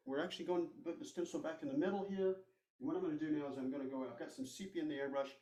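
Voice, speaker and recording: A man's voice: mid-range voice, fast, a little mellow, echoey room, recorded from a distance, a little hiss or hum, poor audio. A man teaching a live airbrush painting demonstration, talking casually and reassuringly as he works. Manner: casual, reassuring, thinks aloud while working. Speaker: art instructor.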